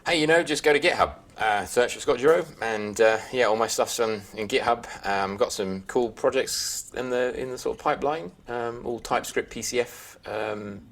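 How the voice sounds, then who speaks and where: A man with an English accent, chatting casually as a podcast guest, quick to laugh and trailing off mid-sentence. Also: medium pitch, fairly bright tone. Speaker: guest developer.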